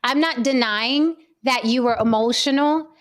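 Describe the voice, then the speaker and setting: A young adult woman hosting a heated panel discussion, firm and steady as she talks over interruptions to keep control. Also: high-pitched, a little slow. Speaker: panel show host.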